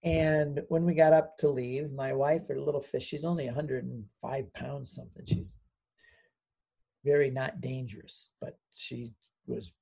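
Gravelly, dark, and slightly rough, this older American man's mid-range voice stays steady and unhurried. Appearing as an interview guest, he earnestly recounts his conversion, getting choked up at moments and imitating the people he quotes.

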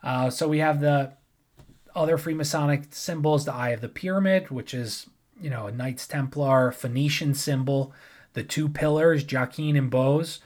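A man's voice: on the high side, moderate pace, a little mellow. Rambling casual man explaining history. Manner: rambling, loose, with frequent restarts and asides. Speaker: history presenter.

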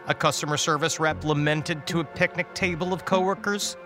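A man as guest preacher, reading a dark comic story in a wry, dramatic way. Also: on the high side, steady tone, fairly quick. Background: music.

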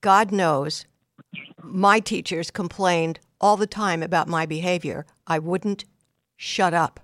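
A woman's voice: fairly low pitch, steady tone, slow, a bit bright, dry recording, clean studio sound. An older woman hosting a call-in advice show, giving blunt, direct instructions in numbered steps. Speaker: radio advice host.

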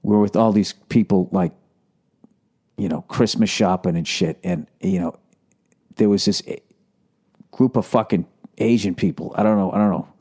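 A middle-aged man, a comedian, telling a story in a casual monologue, swearing constantly and mocking himself with animated rants. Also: low voice, normal speed, pauses often, slightly rough. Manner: profane, self-deprecating, animated ranting. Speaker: comedian podcast host.

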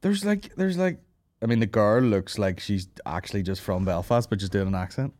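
A man's voice: on the low side, lively intonation, normal speed, darkish tone, no echo, soft background music. A young man with a Northern Irish accent, hosting a comedy podcast, swearing freely, laughing and slipping into mocking voices. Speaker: podcast host.

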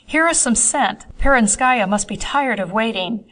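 A woman's voice: fairly high pitch, expressive, moderate pace, fairly bright tone. A woman voicing a fond, impatient older count in an audiobook, fussing and affectionate.

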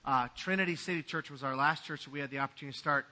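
A man's voice: fairly high pitch, racing, pushed and bright. A man pastor giving a sermon in a conversational, joking way.

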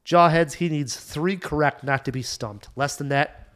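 A man co-hosting a casual movie podcast, telling stories quickly and running a trivia game. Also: fairly high pitch. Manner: animated, quick storytelling. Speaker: podcast co-host. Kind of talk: casual movie review chat.

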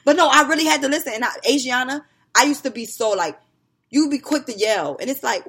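Husky, animated woman telling family stories. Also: sits high, brisk. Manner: animated storytelling, acting out scolding her kids. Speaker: podcast co-host. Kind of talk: casual chat.

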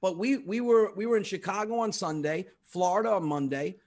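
A man's voice: high-pitched, brisk. New guy telling a funny story. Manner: animated, laughs through his story. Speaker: comedian guest. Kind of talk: casual storytelling.

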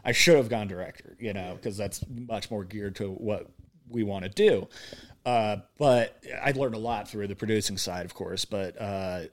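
A man's voice: lowish voice, moderate pace. A young man co-hosting a podcast, rambling through casual chat, laughing often and acting out movie lines. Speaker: podcast co-host.

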